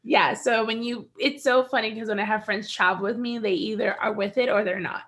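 Young woman, American, casual podcast chat, animated, high-ish voice. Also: a little fast. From United States. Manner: animated storyteller, laughs often, acts out quotes. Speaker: podcast co-host.

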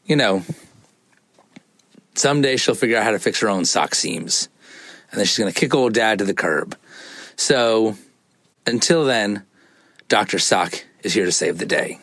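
A man's voice: lowish voice, normal speed, pauses often, no echo. A man, a podcaster, telling a casual, playful story about his child, acting out the voices of his family. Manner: playful, animated, acts out quotes. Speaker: guest podcaster.

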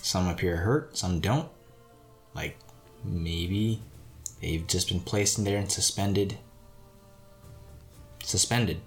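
Deep-voiced male tabletop player. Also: slow, pauses often, faint music behind. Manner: searching, hesitant phrasing. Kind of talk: casual tabletop play.

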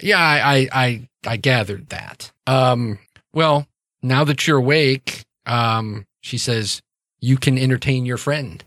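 A man voicing a cheerful middle-aged mother who teases gently and sounds mildly exasperated, in a tabletop game. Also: medium pitch, slow, no echo, studio quality.

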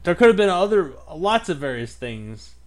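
A man's voice: a little high, sing-song, moderate pace. A man co-hosting a casual podcast, rambling and joking. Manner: rambling, jokey. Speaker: podcast co-host. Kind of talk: casual chat.

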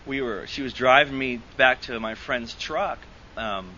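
Recovery meeting speaker: a man with a bright voice, rambling and laughing, recorded on dull lo-fi tape. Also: mid-range voice, a little slow, a little hiss or hum. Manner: rambling storytelling with frequent restarts and laughter. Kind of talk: personal testimony to a group. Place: meeting hall.

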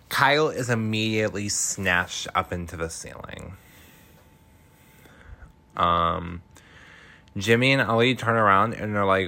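Man, slow, lowish pitch, chatty film-recap host who laughs and swears. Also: sharp tone.

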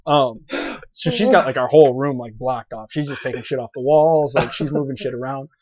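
Animated man telling stories on a podcast. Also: medium pitch, a little fast, a crowd in the background. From grew up on a farm. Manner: animated storyteller, many fillers, laughs into lines. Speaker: podcast guest. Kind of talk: casual storytelling chat. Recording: dull lo-fi podcast audio.

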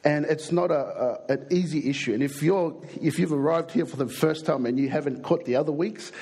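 A young adult man with an Australian accent preaching a sermon, an animated, jokey storyteller who acts out the people in his stories. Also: fairly high pitch, fairly quick, slightly rough.

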